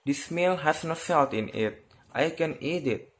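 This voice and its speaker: A stern, proud old king in a storybook, as a teenage boy reads him. He speaks a little higher and louder than the narration, loud and indignant. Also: lively intonation, unhurried. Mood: complaining.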